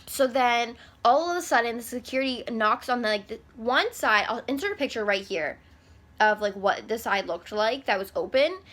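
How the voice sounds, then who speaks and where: A young adult woman vlogger tells her camera a story in a loose, rambling, chatty way, dropping "like" into nearly every sentence. Her bright, slightly high voice has lively intonation, a normal speed, and a casual, conversational delivery.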